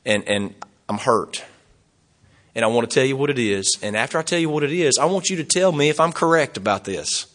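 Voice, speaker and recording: Animated older male preacher, bright voice. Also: mid-range voice, brisk. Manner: animated, folksy, chuckles often, acts out quoted dialogue. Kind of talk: sermon.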